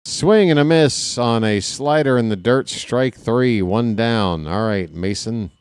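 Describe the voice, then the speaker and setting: A play-by-play commentator calls a ballgame live and casually, talking straight to his viewers between pitches with candid, self-deprecating asides. He speaks a little slowly and smoothly.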